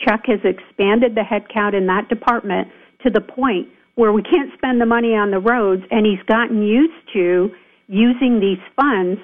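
Calling in to a radio interview over the telephone, a county supervisor speaks in a mid-range voice. She's indignant and emphatic, and uses lots of fillers.

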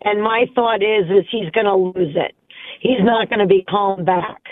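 A woman's voice: medium pitch, steady tone, normal speed, dry recording. A woman calling in to a radio show, giving firm, emphatic opinions. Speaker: caller. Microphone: phone line. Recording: tinny phone line.

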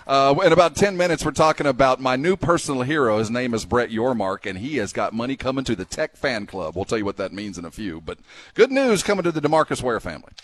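A man's voice: mid-range voice, animated, quick pace. A man hosting a morning sports radio show, talking in a rambling, wry way with many fillers. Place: radio studio.

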